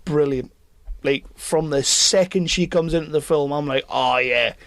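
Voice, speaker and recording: A man's voice: on the high side, steady tone, moderate pace, dry recording. A man hosting a podcast, giving opinionated casual film reviews and often repeating words as he starts a sentence. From Britain. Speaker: podcast host.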